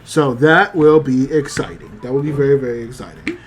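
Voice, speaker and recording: A man's voice: mid-range voice, moderate pace. A man hosting a podcast, casually recapping an anime episode, rambling with many fillers. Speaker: podcast host.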